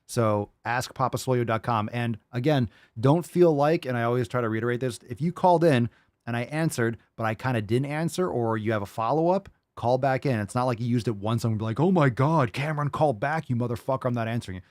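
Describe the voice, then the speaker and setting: A man's voice: medium pitch, a little fast, a little mellow, dry recording, studio quality. Loose, profane male podcast host. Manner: loose, rambling and profane, with many fillers. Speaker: podcast host answering listener calls and questions. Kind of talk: casual live call-in podcast.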